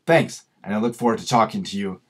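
A man hosting a tutorial video, explaining patiently through examples and slowing down to stress key words. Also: on the low side, a bit bright. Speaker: grammar and communications video host.

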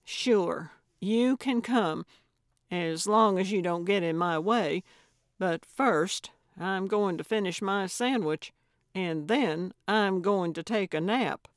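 A woman voicing a feisty, self-assured older female sleuth, brash and excitable, in a storybook reading. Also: medium pitch, takes it slowly, no echo, clean studio sound, lightly acted.

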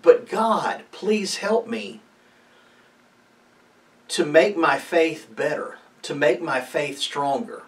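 Man giving a halting devotional. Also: a little high, lively intonation, fairly bright tone, far from the mic. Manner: halting, many fillers and restarts, reads scripture aloud. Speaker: preacher. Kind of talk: informal mid-week devotional talk.

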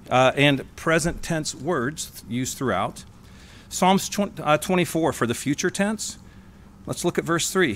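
A man giving a sermon in a church, stressing single words and slowing on key phrases. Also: a little high, fairly bright tone, slight background noise. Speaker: sermonette speaker. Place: church hall.

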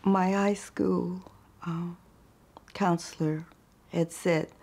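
An older woman photographer telling her life story in a thoughtful, unhurried way. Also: fairly low pitch, fairly even intonation, vocal fry. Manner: thoughtful, unhurried, with soft laughs. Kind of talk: reflective personal storytelling.

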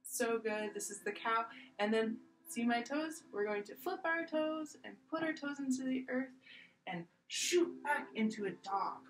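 Gentle playful preschool yoga teacher, woman. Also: fairly high pitch, animated, measured pace. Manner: gentle, playful, coaxing children along. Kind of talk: guided kids' yoga class. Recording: echoey room with faint music.

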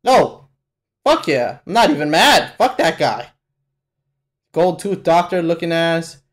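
A man hosting a live anime reaction, talking casually and profanely, with sudden loud exclamations at what he sees. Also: a little high, very animated, a little slow. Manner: casual slangy talk to the viewer. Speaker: reaction channel host.

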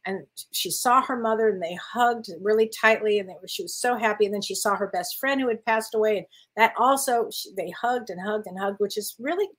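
A woman co-hosting as a spiritual medium, chatting casually, affirming and quick to laugh. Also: mid-range voice, fairly bright tone, poor audio. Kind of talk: casual chat.

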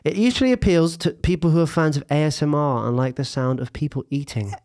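A man's voice: fairly high pitch, fast, a little mellow. A young man hosting a podcast, teasing his mother as he runs a quiz. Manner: teasing, playful quiz-master. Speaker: podcast host. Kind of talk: casual chat.

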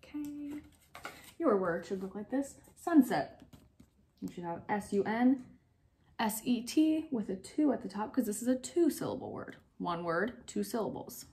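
A young woman teacher giving slow, clear, step-by-step instructions in a phonics lesson for young children. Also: medium pitch, lively intonation, dark tone, a little hiss or hum.

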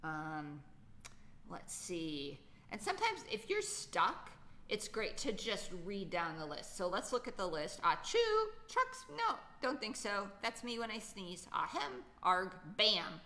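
A woman's voice: medium pitch, wildly swooping pitch, measured pace, pushed and bright, slight background noise. A woman teaching a children's poetry lesson, patiently thinking aloud with many fillers. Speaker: writing teacher.

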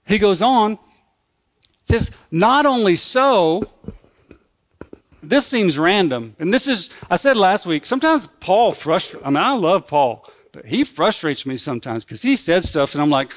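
A man's voice: high voice, sing-song, measured pace. A man preaching a sermon as pastor, in a conversational, folksy way that repeats and restarts phrases.

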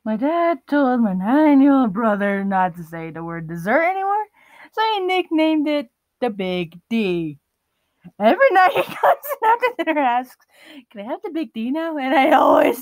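Young woman, giggly, casual reading of posts, lively bouncing voice, fairly high, dry close sound. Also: dry recording. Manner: giggly, often breaks into laughter. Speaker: vlogger.

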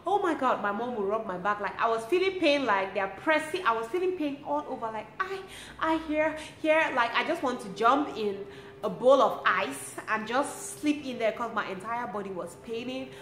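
A young woman tells a personal story in a lively, expressive way, breaking into laughter often. Her voice sits fairly high. The recording sounds roomy, with a faint hum of ambience behind her. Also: normal speed. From Cameroon. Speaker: lifestyle vlogger. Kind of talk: casual storytelling to camera.

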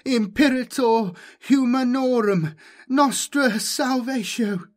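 A man's voice: medium pitch, measured pace, vocal fry, breathy edge, no room sound, studio quality, heavily acted. A man voicing a terrified boy who shrieks and howls prayers. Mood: frantic. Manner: shrieking, howling.

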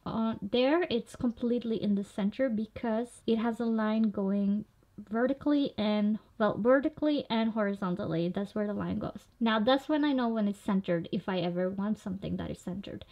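A woman's voice: mid-range voice, normal speed. A young woman vlogger talking casually through a screen tutorial, explaining each click as she goes. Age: young adult. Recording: slightly dull lo-fi audio.

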